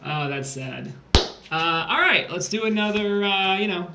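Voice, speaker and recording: A man's voice: high-pitched, expressive, measured pace, vocal fry. A young man tutoring test prep on a casual livestream, joking and theatrical. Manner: playful, jokey, theatrical. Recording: echoey room, faint background noise.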